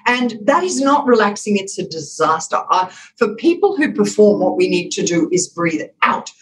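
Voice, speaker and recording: Her mid-range voice swings widely in pitch at a moderate pace, over slight background noise in a low-quality recording. The speaker, a female communications expert on a podcast, explains emphatically and demonstrates by acting out voice examples.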